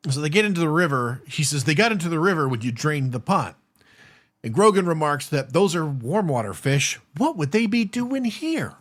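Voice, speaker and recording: Man recapping a film, wry and lively. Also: fairly high pitch, a little fast. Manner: recaps plot with wry asides. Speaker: podcast co-host. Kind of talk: casual movie recap chat.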